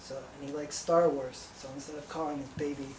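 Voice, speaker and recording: Rambling deadpan man doing stand-up. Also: fairly high pitch, brisk, noisy background. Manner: rambling, deadpan, breaks into laughter. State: sleep-deprived. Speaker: stand-up comedian. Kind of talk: live stand-up storytelling. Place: small live venue. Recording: echoey room from far off.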